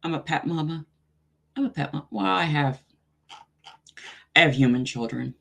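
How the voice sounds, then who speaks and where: A woman in her fifties with a fairly low voice, reading tarot live for an online audience. She gives blunt, warm-hearted advice and chats easily with viewers between readings. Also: normal speed, vocal fry. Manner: frank, affectionate, direct advice; chatty, asides to viewers. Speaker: tarot reader. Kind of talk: live-stream psychic reading.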